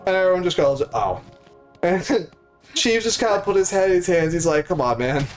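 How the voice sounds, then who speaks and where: A young live streamer with a high-sitting voice and lively intonation tells a story at normal speed over music. He keeps it casual and full of swearing, acting out the voices of the people in it.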